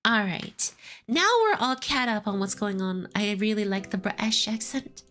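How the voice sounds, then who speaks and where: A woman's voice: mid-range voice, normal speed, a bit bright. A woman streamer chatting casually and laughing while she plays a game and reads its text aloud. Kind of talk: casual let's-play commentary.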